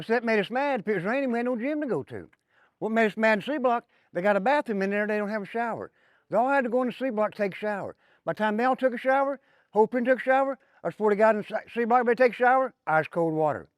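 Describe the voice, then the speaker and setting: Fast-talking older Southern man in an echoing prison hall. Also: lively intonation. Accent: Southern US, Tennessee. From Tennessee. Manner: emphatic, drops to a low murmur on repeated asides. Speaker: former inmate giving a prison tour. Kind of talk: storytelling tour guide. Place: inside an old prison building. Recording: long reverb in hard rooms.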